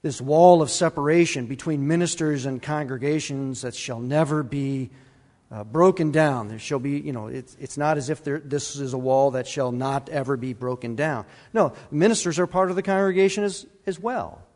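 Pastor, male, emphatic sermon delivery with repeated words, higher voice, long church reverb. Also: moderate pace, a little mellow. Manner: emphatic, repeats key words, asks the congregation questions. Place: church sanctuary.

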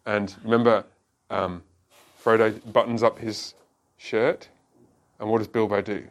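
In a low-ish, level voice, a man leads an interactive Bible study. He puts questions to the group and explains things with quick asides.

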